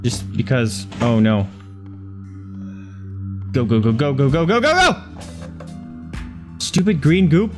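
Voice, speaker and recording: A man's voice: medium pitch, sing-song, music in the background. Jumpy man yelping through a horror game. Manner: panicky, repeating words in rapid bursts; swears and yelps at scares. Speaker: gaming video host. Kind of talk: frightened let's-play commentary.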